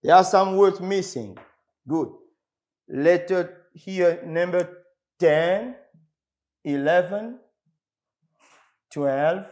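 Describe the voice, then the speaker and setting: A man from the Congo teaching an English lesson on television, slowly repeating words for his class. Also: sits high, darkish tone. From Republic of the Congo. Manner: slow, repetitive, drilling words for the class.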